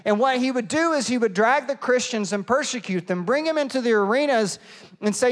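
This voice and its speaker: A middle-aged man preaching a sermon and telling a lively, self-mocking story, acting out the people in it. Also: very high voice, a little fast. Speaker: pastor. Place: church auditorium. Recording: long hall reverb.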